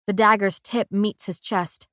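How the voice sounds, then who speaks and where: A woman reads a first-person audiobook in an unhurried, deliberate way, with feeling behind each line. Her voice sits at a middle pitch. The recording is close and dry, with no room sound. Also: fairly even intonation, a bit bright, no room sound. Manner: measured, emotional narration. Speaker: audiobook narrator.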